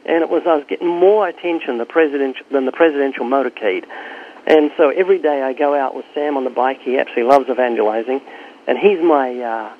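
A man's voice: medium pitch, fast, slight background noise. An older man, a street preacher, answering interview questions and telling stories, acting out both sides of his conversations with people. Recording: tinny phone-like sound.

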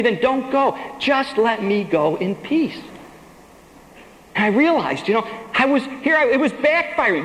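A man's voice: extremely high pitch, fairly bright tone, roomy sound, in a large hall, rough recording. A man giving a sermon testimony, telling his story with emphasis and acting out the lines he quotes.

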